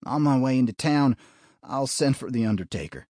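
A grim frontier marshal, voiced by a man. He speaks in short commanding bursts with a slightly husky edge. The tone stays steady and flat-footed. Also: medium pitch, normal speed, dry recording, studio quality, close to an everyday voice.

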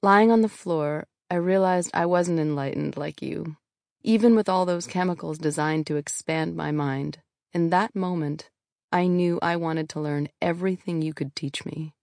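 A woman's voice: on the low side, fairly even intonation, moderate pace, darkish tone, no echo. A woman from New York reading her own memoir aloud, candid and frank, in a studio. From New York, USA. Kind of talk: audiobook memoir narration.

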